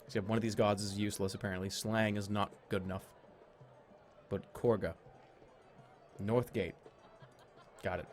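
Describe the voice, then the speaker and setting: A man's voice: on the low side, steady tone, moderate pace, pauses often, faint music behind. A young man streaming a text adventure game, chatting casually and joking at his own expense. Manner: casual, self-mocking, laughs at his own voices.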